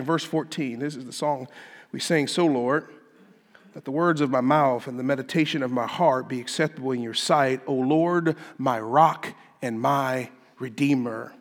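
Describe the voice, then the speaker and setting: A man preaching a sermon as pastor, emphatic and building to loud climaxes, in a church sanctuary. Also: mid-range voice, normal speed. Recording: long hall reverb.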